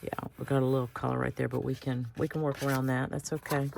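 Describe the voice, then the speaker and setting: A woman's voice: very deep voice, little pitch movement, quick pace, vocal fry, background noise. A woman hosting a craft video, chatting casually and thinking aloud as she cuts out pictures.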